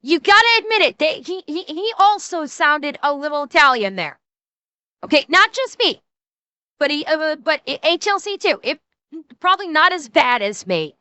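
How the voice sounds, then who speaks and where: A high-pitched woman streamer chats through a reaction video, rambling, laughing and swearing freely. Her voice is bright and sharp, recorded dry and close. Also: very animated, normal speed, no room sound. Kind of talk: casual reaction commentary.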